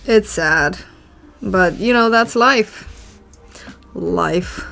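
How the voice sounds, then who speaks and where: A woman's voice: mid-range voice, drawn-out words, gravelly, pushed and bright, soft background music. A woman hosting an art channel, chatting casually and rambling while she draws and reads viewer comments. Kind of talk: casual chat while drawing.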